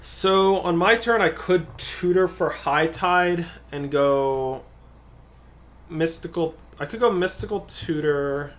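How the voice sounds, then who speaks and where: A man's voice: on the high side, slow pace, a bit bright. A man, a guest co-player, chatting casually and thinking aloud while commenting on a card game.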